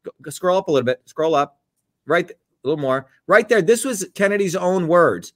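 A combative political host, talking in a scornful, heated way. His voice sits fairly high for a man. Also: fairly bright tone. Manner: combative, scornful, rapid asides to a producer.

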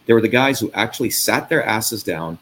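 A man's voice: lowish voice, expressive, fairly quick, a bit bright. A man from India rants in a heated, profane torrent, hammering each point with emphasis. A faint hiss of background noise sits under his voice. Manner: profane, angry, emphatic ranting. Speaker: host. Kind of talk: heated interview talk.

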